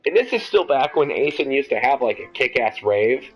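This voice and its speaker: A young man tells a rambling story at a casual, loose pace, animated and swearing freely. His voice sits at an ordinary middle pitch. The audio is a bit dull and lo-fi. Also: moderate pace, slightly rough, faint music behind. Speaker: podcast host.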